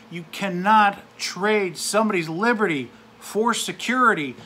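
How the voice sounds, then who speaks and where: A man's voice: fairly high pitch, expressive, normal speed, long pauses, sharp tone, a little hiss or hum. A man from the United States venting in an angry, profane, sarcastic rant to camera. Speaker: vlogger. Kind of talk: angry ranting monologue.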